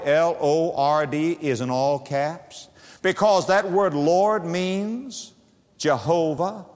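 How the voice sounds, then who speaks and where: Dramatic preacher man in a big hall. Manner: dramatic, swooping pitch and volume, repeated phrases. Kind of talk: sermon.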